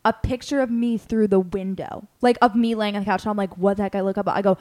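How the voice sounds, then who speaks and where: A young woman hosting a podcast, telling a story in casual chat, animated and full of "like" fillers as she acts out what people said. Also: medium pitch, quick pace, hardly any pauses. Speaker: podcast host.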